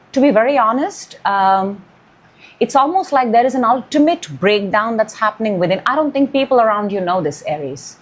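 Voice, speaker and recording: A woman giving a weekly tarot reading, musing and intuitive, drawing out key words. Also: a little high. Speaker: tarot reader.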